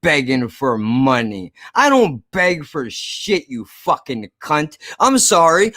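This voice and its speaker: A man with a noticeably high-pitched voice vents straight to camera in a heated video blog. His talk is profane, sarcastic and combative, and he repeats the same jabs over and over. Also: sharp tone, no room sound, studio quality. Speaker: YouTube creator. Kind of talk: angry ranting vlog to camera.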